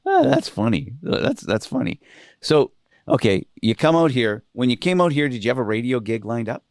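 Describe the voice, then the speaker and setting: A man hosting a podcast, asking questions and reacting with quick interjections. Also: mid-range voice, sing-song, creaky, dry recording, studio quality. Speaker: podcast host. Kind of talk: casual interview chat.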